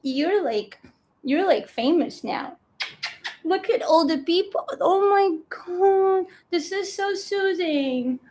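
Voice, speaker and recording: A woman's voice: extremely high pitch, animated, slow pace, a little mellow. A woman teaching a live online class from her home kitchen, bubbly and gushing, laughing often. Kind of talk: live-streamed class, casual and chatty.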